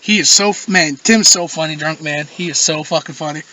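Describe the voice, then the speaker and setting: High-voiced young man telling party stories. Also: a little fast, bright, forceful tone. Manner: swearing, laughing storyteller. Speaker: podcast co-host. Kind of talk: casual chat among friends.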